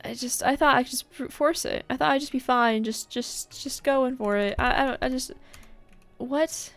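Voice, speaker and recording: A woman's voice: high-pitched, moderate pace, soft background music. A woman hosting a casual let's-play, rambling and swearing in frustration as she plays. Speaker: gaming channel host.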